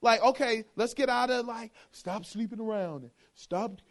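A man with a notably high voice delivers a sermon from the pulpit. He drives his points home through rhythmic repetition and slips into playful mimicry of churchgoers' talk. His delivery moves between quiet asides and loud, punchy lines. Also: normal speed. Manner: emphatic, repeats phrases for effect. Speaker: preacher.

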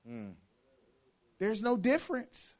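High-voiced man preaching with emphatic repetition. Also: wildly swooping pitch, slow pace, a little mellow. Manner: emphatic, repeats phrases for effect; playful, mimics churchgoers' talk. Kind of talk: sermon.

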